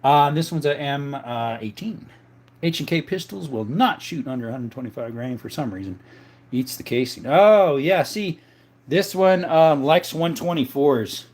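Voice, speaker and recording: Man from southern Arizona, livestream host, slightly high voice, reads viewer questions aloud and answers in an easygoing, chatty way. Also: expressive, moderate pace, darkish tone. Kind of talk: casual live-chat talk.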